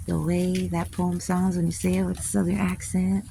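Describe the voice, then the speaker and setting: A woman's voice: lowish voice, little pitch movement, moderate pace, creaky, few pauses, dark tone, slight background noise. A woman poet teaching a casual spiritual class outdoors. She speaks candidly, swears freely, and laughs often. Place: outdoors, with planes passing overhead.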